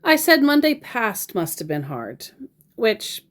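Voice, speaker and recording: A woman narrates a chat with a scammer at an unhurried pace. Her pitch rises and falls a lot, and her tone stays dry and exasperated throughout. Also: big pitch swings, fairly bright tone. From Queensland, Australia. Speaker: scambaiter. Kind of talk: reading out and commenting on a scam chat.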